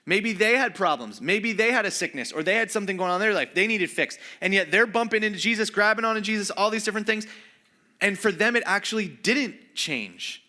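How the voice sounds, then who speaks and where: A male pastor delivering a conversational sermon, animated and acting out quoted voices, dropping to a soft low voice for emphasis. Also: a little fast.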